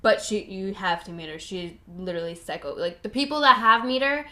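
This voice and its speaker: Speaking at a medium pitch, this young female podcast host talks briskly in a bright, forceful tone. It's a casual solo chat, bubbly and meandering, and she keeps laughing at herself.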